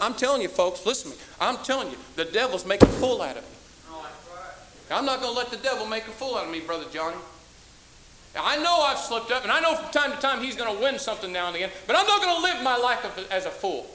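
A man preaching a sermon as pastor, scolding his congregation and rising to shouts. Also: high voice.

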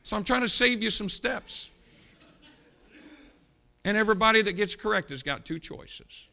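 A middle-aged male pastor, preaching a fiery sermon in a blunt, scolding way, swinging from shouts to low asides in a church auditorium. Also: lively intonation, moderate pace, vocal fry.

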